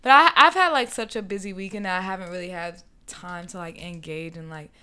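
A woman's voice: fairly low pitch, brisk, bright, forceful tone, smooth. A young woman telling a dating story in casual chat, talkative and full of fillers. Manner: chatty, storytelling, frequent "like" fillers.

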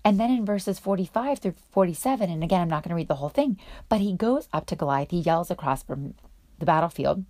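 A woman leads a casual devotional for other women, enthusiastic and full of chatty fillers. Her voice is mellow and a little low. The sound is dry and close. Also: animated, quick pace, dry recording. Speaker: women's Bible teacher.

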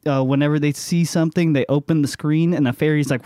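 A man's voice: a little high, fairly even intonation, fast talker, mellow, no echo, studio quality. A man, a tabletop game player, casually introducing his character, rambling with many fillers.

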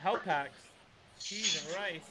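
A man in a casual group chat who throws in quick, chatty asides. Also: high-pitched, background noise.

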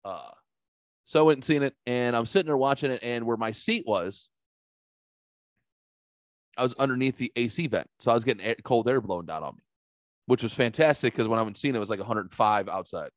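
A man's voice: medium pitch, lively intonation, a little fast, long pauses, dry recording, studio quality. A man hosting a podcast, telling a rambling, profane story in casual chat. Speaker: podcast host.

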